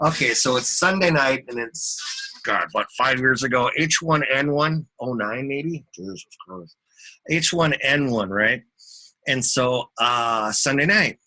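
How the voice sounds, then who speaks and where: A man with a bright, forceful voice talks loosely through market charts in an unscripted live stream. He rambles, chats with viewers and mutters to himself along the way. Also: medium pitch. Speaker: market commentator.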